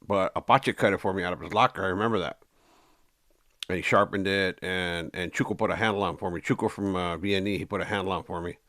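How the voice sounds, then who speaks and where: A man casually recounting his own story in an interview, rambling with fillers and restarts, animated when telling action. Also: low-pitched, fast talker.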